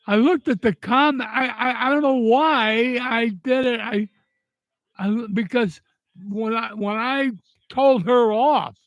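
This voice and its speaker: An older man talking through tears in a halting, repetitive way, angry and grieving. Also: very high-pitched, fairly bright tone, no room sound. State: tearful. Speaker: vlogger. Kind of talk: emotional personal monologue.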